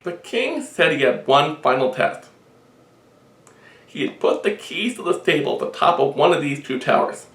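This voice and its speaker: A man telling a long shaggy-dog joke with deadpan storytelling. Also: a little high, normal speed. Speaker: joke teller. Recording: roomy echo.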